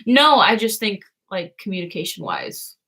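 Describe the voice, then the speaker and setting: A woman's voice: medium pitch, wildly swooping pitch, moderate pace, vocal fry, bright, forceful tone. A young woman co-hosting a casual late-night stream with her sister, chatty and playful. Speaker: co-host, the host's sister.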